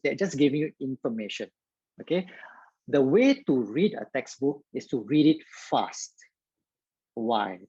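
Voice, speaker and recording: A man's voice: mid-range voice, darkish tone, slightly rough, dry recording, lo-fi sound. A man tutoring biology in a live online lesson, talking straight to his viewers and filling his speech with "okay".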